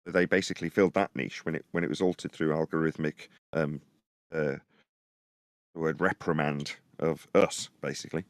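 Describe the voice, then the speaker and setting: Deep-voiced man, dry close sound. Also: moderate pace, no room sound. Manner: rambling, animated storytelling. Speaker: podcast co-host. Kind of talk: casual live-stream discussion.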